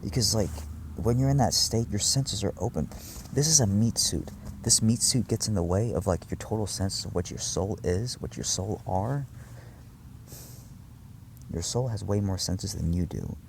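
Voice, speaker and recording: A low-pitched man talks straight to his viewers in a long, wandering monologue. His delivery is intense and profane, full of fillers and restarts. A faint hiss sits under the recording. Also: moderate pace, vocal fry. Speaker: vlogger addressing his viewers. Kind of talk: rambling spiritual monologue.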